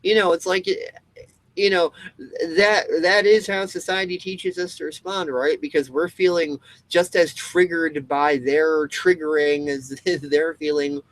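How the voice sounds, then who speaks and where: A man's voice: a little high, steady tone, unhurried, low-quality recording. A man talking to camera in a casual monologue, rambling with many restarts and swearing freely. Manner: acts out quoted people. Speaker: video host.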